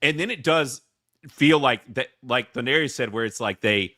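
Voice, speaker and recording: A man with a Southern US accent, hosting a casual movie review chat, animated and rambling with lots of restarts. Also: mid-range voice, moderate pace, dry recording, clean studio sound. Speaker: podcast host.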